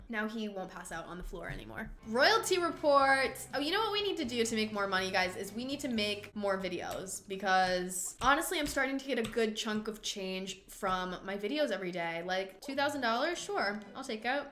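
A woman hosting a casual let's-play, talking excitably to her viewers, with gasps, exclamations and swearing at the game. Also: mid-range voice. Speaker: gaming channel host. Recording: echoey room.

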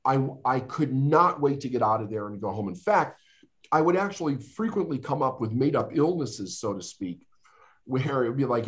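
A middle-aged man, a podcast guest, telling his life story in an earnest, emotional way with dramatic pauses. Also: medium pitch, lively intonation. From United States. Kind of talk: storytelling interview.

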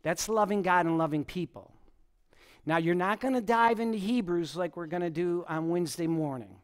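A man preaching a conversational sermon as pastor, telling stories in an animated way, often chuckling and restarting his sentences. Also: sits high, moderate pace, clean tone. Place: church service.

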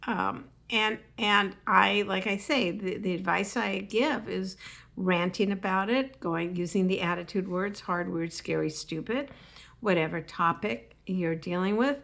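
A woman who is a comedian and public speaking coach, talking in a podcast interview and acting out punchlines with high whoops. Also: gravelly. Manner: animated storyteller acting out quips with high whoops.

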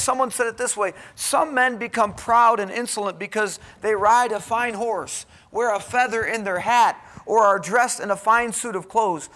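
Bright, high-pitched man preaching a sermon. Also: steady tone, moderate pace, few pauses. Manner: earnest, exhorting, with emphatic rhetorical questions. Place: college chapel.

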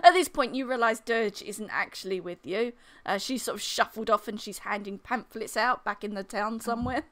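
Lively woman narrating as game master. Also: on the high side, normal speed. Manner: lively, chatty, laughs often. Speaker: dungeon master.

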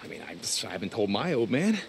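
An actor playing an easygoing outlaw biker in a video game, joking and deflecting. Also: male voice, on the low side, big pitch swings, quick pace, vocal fry, slight background noise. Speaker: game character. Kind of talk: video game dialogue acting.

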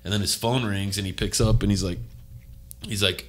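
A man's voice: lowish voice, fairly even intonation, moderate pace. A man hosting a casual podcast chat, telling a story with lots of laughs, swearing and acted-out quotes. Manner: laughs a lot, swears freely, acts out quotes. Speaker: podcast host.

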